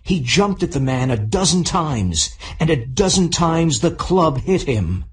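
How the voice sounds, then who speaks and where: Man, audiobook narrator, very slow pace, clear deliberate reading, learner level. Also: on the high side, sing-song.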